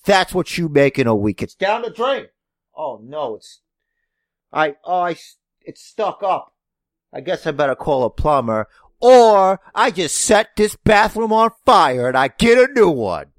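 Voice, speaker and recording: A loud, bragging rich-guy wrestling heel, put on by a man in a podcast bit, his voice climbing high and swinging wildly as he shows off. The sound is dry and close. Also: very animated, unhurried, no room sound. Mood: boastful. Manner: over-the-top bragging, announcer-like. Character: boastful rich male wrestling character, wasteful show-off.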